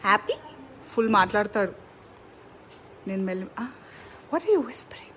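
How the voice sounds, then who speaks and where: Woman vlogger, bright lively baby talk to pet birds, faint noise behind. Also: medium pitch, racing, rough recording. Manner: coos and sing-songs at the bird, mixing English and Telugu. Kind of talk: casual vlog, baby talk to her birds.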